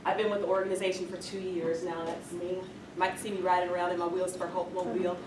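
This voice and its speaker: A woman's voice: on the low side, flat delivery, fast. Friendly woman speaking in an echoey room. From New York. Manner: friendly, self-deprecating, chatty. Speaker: guest speaker. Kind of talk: presentation with slides. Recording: echoey room, distant mic, noisy.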